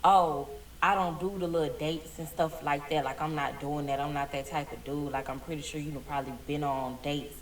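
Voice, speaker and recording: A woman mimicking a condescending young man who lectures her, her voice dropped low. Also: fairly even intonation, a little fast, close to an everyday voice. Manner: condescending, preachy. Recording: roomy distant clip with faint hiss.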